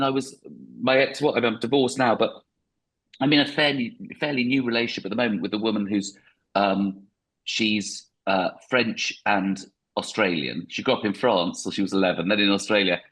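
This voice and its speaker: A man's voice: mid-range voice, a bit bright, husky, rough recording. A middle-aged man, a comedian guest, chatting casually on a podcast, self-mocking with lots of restarts. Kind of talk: casual interview chat.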